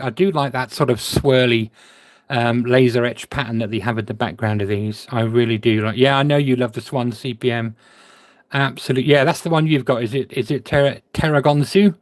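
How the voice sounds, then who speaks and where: Man of middle pitch, casual live-stream chatter, muses aloud as he sorts, close and dry sound. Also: no echo. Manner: chatty, thinking aloud while sorting, answers viewer chat. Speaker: coin collector streamer.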